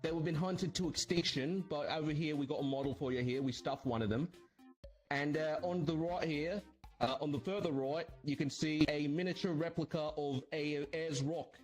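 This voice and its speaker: A man's voice: fairly high pitch, moderate pace, faint music behind, natural voice. A man playing a brash, foul-mouthed tour guide with a put-on Australian accent, blustering and threatening. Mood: boastful.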